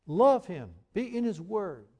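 A man preaching a sermon, earnest and emphatic, who reads scripture aloud in a measured cadence. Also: sits high, animated, darkish tone. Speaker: pastor.

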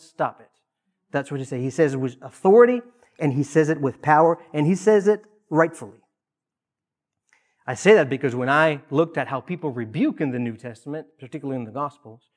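Earnest male preacher giving a sermon. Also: a little high. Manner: earnest, rises in emphasis on key points with pauses and repeated phrases.

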